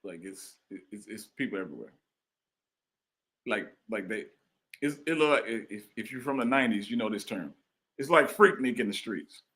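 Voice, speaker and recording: A man delivers a sermon with an animated, swinging delivery. His voice is bright and forward, and he repeats phrases to drive points home, calling out to the congregation. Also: on the low side, moderate pace. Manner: call-and-response preaching, repeats phrases. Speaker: preacher. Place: church.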